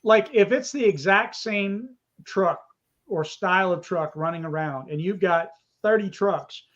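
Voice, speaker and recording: A man with a fairly high voice explains things step by step in a relaxed live chat. His audio comes through a dull, lo-fi video call line. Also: unhurried. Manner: explanatory, walks through pictures on screen. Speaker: co-host.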